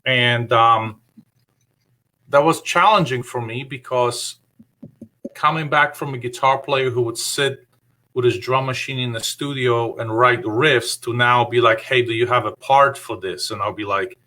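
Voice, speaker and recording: A guest guitarist with a medium-pitched, bright and forceful voice is interviewed about his past over a video call, speaking unhurriedly with fairly even intonation. In casual storytelling he rambles through anecdotes full of fillers, quoting things he once said.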